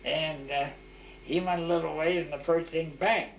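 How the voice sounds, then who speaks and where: A man's voice: fairly high pitch, fairly even intonation, normal speed, gravelly, slight background noise. An older man telling rambling, folksy stories in an oral history interview, full of restarts and "you know". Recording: echoey, dull 1989 tape recording.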